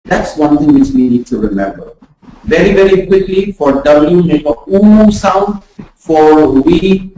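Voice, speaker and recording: A man teaching pronunciation in a recorded lecture, speaking slowly and deliberately and repeating his example phrases. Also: a little high, darkish tone. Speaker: communication skills trainer. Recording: echoey room, distant mic, faint noise.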